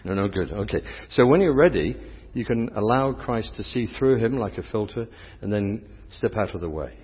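English priest, middle-aged, teasing the congregation, dull lo-fi recording with a long church echo. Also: male voice, fairly low pitch, expressive, normal speed, breathy edge. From England. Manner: playful, teasing, chatty with the congregation. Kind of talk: interactive sermon with volunteers.

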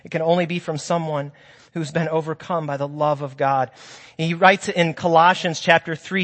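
A man's voice: a little high, fairly even intonation, moderate pace, fairly bright tone. A man preaching a sermon in a church, earnest and encouraging as he shares personal stories and calls his listeners friends. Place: church sanctuary. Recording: long hall reverb of a church.

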